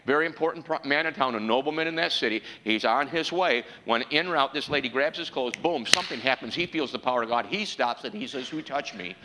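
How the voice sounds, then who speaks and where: A man preaching a sermon in a church, calling out questions to the congregation and building to an impassioned pitch. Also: fast talker, few pauses, in a large hall, very noisy.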